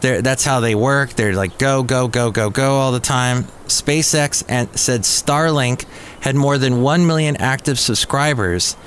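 A man's voice: medium pitch, a little slow, fairly bright tone, a little hiss or hum. A man hosting a podcast, talking through the week's news in a casual, conversational way. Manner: chatty, conversational storytelling. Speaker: podcast host. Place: cafe.

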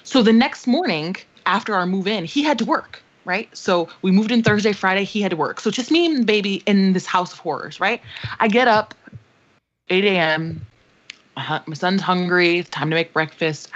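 A woman's voice: on the low side, moderate pace. A young adult woman co-hosting a podcast, telling a dramatic, profane story in casual chat. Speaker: podcast co-host. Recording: slightly dull lo-fi sound.

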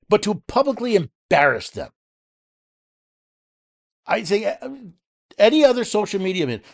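A man hosting a political commentary show, speaking angrily and heatedly, with frequent restarts and repeated words. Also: high-pitched. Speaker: host.

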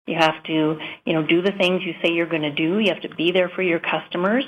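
A woman in her fifties from South Dakota talks as a guest on a radio show, with a lowish voice for a woman. She sounds earnest and upbeat. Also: fairly even intonation, brisk, dull audio. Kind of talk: radio interview.

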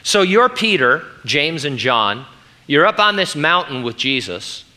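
A man's voice: fairly high pitch, very animated, a little slow, pushed and bright. A middle-aged man who is a pastor, preaching an earnest, emphatic sermon.

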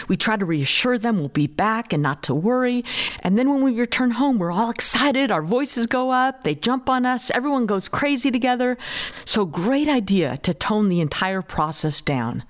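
A woman hosting a talk show, affirming and summarizing her guest's points. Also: medium pitch. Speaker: host. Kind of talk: radio interview host.

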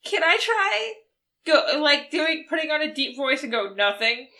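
Bright, high-voiced woman playing a tabletop game. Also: expressive, unhurried. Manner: playful, giggly. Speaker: player. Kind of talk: casual chat while playing a tabletop game.

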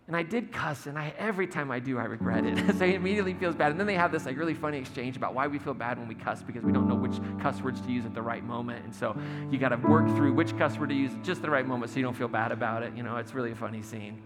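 A man's voice: mid-range voice, rapid-fire, hardly any pauses, big-room sound, loud music behind the voice. A man giving a conversational sermon as a pastor, telling a story and acting out quotes with humor.

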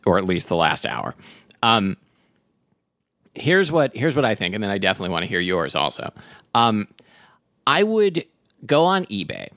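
Lowish male co-host, jokey and rambling, easygoing banter. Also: huge pitch swings, normal speed, long pauses, fairly bright tone, dry recording, studio quality. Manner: joking, rambling, full of fillers and restarts. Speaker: podcast co-host. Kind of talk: casual chat.

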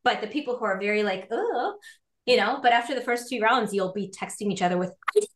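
A lively, animated woman speaks as a guest on a podcast, breaking into laughs and playful acted-out voices as she explains. Her voice sits at a middle pitch, and the room around her gives it a noticeable echo. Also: quick pace. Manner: animated, acts out quoted voices, laughs often. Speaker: guest coach. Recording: roomy echo.

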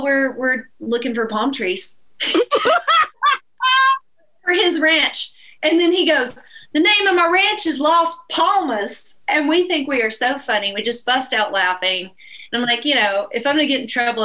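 A middle-aged woman from East Texas, a guest musician with a Texan accent, tells a story casually and laughs as she goes. Her voice is a little high and her pace moderate, and the recording quality is low.

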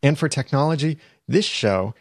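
A man's voice: medium pitch, animated, normal speed, no echo, studio quality. A man hosting his own podcast, talking straight to listeners in an earnest, upbeat way as he gives tips and calls for feedback. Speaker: podcast host. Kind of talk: solo podcast monologue giving tips.

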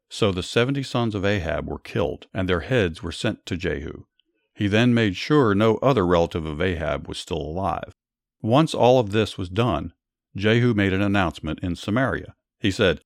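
A man narrating Bible stories for his podcast in a steady, earnest read. His voice is low and even. The recording is dry and close to the mic. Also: moderate pace, no room sound. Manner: steady, plain, earnest reading. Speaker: podcast host and Bible storyteller. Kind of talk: scripted Bible story narration.

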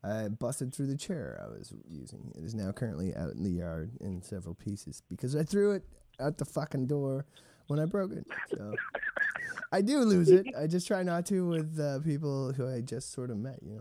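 A man's voice: mid-range voice, sing-song, moderate pace, dark tone. A man co-hosting a podcast, talking hesitantly and laughing often. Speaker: podcast co-host. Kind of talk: casual chat.

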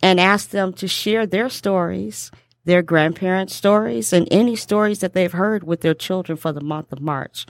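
With a fairly low-pitched voice, this middle-aged American woman hosts a casual podcast, chatting upbeat and emphatic while drawing out lists. The audio is studio quality with no echo.

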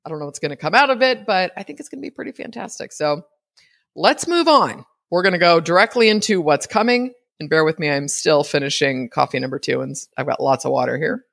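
A woman's voice: sits low, brisk, vocal fry, fairly bright tone, no echo, studio quality. A woman hosting her own podcast, giving a chatty, rambling solo update with many fillers. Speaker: podcast host.

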